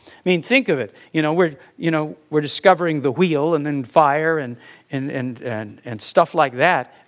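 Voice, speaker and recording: A middle-aged man delivers a sermon, his voice sitting a little high for a man. He talks conversationally, slipping into anecdotes and chuckling at his own stories. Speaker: pastor.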